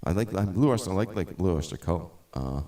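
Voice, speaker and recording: A man's voice: sits low, lively intonation, fairly quick, mellow. A middle-aged man chatting casually as the host of a live music stream, rambling with many restarts and tangents.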